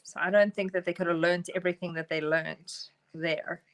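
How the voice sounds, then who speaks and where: A woman chatting casually while painting a craft project, talkative and quick to laugh. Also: fairly low pitch, steady tone, poor audio. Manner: chatty, laughs often, talks to her pet birds. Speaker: craft stream co-host.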